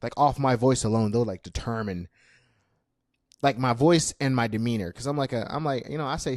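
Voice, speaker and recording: A man's voice: medium pitch, expressive, fairly quick, no echo, studio quality. A young man in his twenties hosting a casual solo podcast, chatty and self-deprecating with lots of fillers. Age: 20s. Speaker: podcast host.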